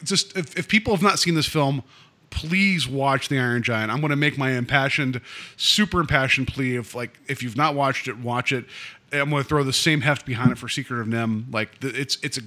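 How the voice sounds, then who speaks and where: A man co-hosting a podcast, talking about films in a loose, rambling way, with many restarts, acting out quoted lines. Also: sharp tone. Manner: acts out quoted lines with raised pitch. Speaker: podcast co-host. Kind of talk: casual film discussion.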